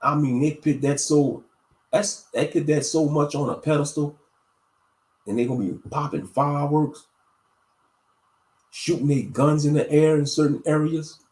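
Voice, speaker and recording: A man's voice: fairly high pitch, steady tone, unhurried, pauses often, a little mellow, echoey room, poor audio. A man hosting a casual religious livestream, talking to his viewers in a meandering, preachy way with lots of fillers. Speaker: livestream host.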